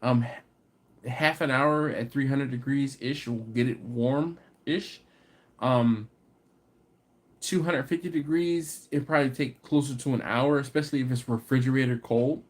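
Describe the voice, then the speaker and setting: A man hosts a barbecue live stream, reading out viewer comments and answering them in easygoing, casual talk. He laughs readily and his voice climbs when something annoys him, turning into animated, exasperated rants. His pitch sits in an ordinary middle range for a man. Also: measured pace. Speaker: barbecue channel host.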